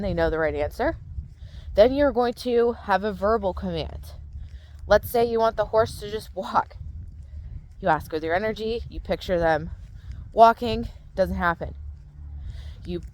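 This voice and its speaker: A woman's voice: mid-range voice, slight background noise. A woman mindset coach talking casually to her viewers, explaining step by step and often checking in with "right?". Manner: conversational, explaining with frequent "right?" check-ins. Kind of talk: casual talk to camera.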